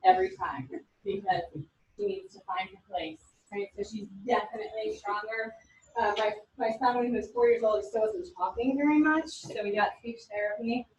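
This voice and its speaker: A woman in her forties gives a lively classroom lecture in a higher-than-usual voice, acting out the people in her stories. She is picked up from across an echoey room, with faint room ambience behind her. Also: normal speed, distant mic, slight background noise. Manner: animated, storytelling with quoted voices. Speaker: instructor.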